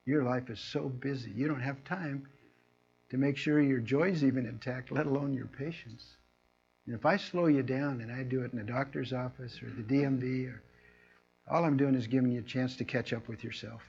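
A man preaching a conversational sermon, telling everyday stories and acting out people's lines in a raised, animated voice. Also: medium pitch, normal speed, gravelly, slight background noise. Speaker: pastor. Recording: muffled lo-fi recording.

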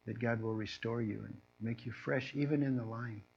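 A man preaching a conversational sermon, telling everyday stories and acting out people's lines in a raised, animated voice. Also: medium pitch, normal speed, creaky. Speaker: pastor. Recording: muffled lo-fi recording.

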